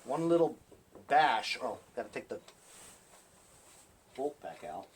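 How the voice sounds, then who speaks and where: A man's voice: mid-range voice, lively intonation, slow pace, breathy edge. A man casually talking viewers through a lawn tractor engine repair while he works, chatting to them as he goes. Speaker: small-engine repair vlogger. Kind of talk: casual hands-on repair demonstration.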